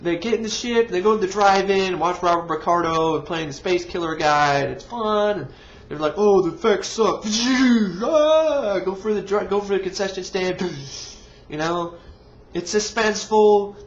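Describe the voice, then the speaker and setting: A man's voice: high-pitched, fairly even intonation, a little fast. A man reviewing a movie in an exasperated, profane rant full of sarcasm. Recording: dull lo-fi recording.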